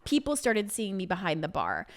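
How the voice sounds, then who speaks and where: A young adult woman hosting a solo podcast, telling a story in a casual way, swearing and saying "like" and "literally" often. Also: moderate pace. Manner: animated, acts out quoted people with big pitch jumps. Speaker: podcast host.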